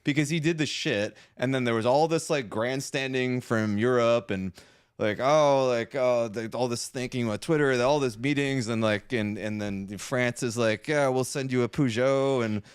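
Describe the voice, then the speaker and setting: A man's voice: medium pitch, moderate pace, clear, resonant tone, dry recording, studio quality. A man co-hosting a podcast, ranting in casual chat, swearing often and filling his talk with "like" and "right?". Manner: profane, ranting, lots of "like" and "right?". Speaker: podcast co-host.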